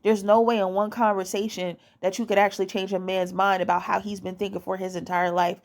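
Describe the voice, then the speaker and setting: A woman's voice: medium pitch, level tone, fairly quick. A young woman giving dating advice in a casual monologue at home. She is blunt and profane and repeats her points to hammer them home.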